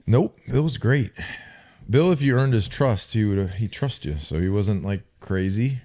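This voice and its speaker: Lowish-voiced guy swapping locker room stories, lots of cursing, sarcastic. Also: animated, unhurried, dark tone. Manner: profane, sarcastic storyteller mimicking coaches. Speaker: podcast co-host, former football player. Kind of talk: casual chat, storytelling.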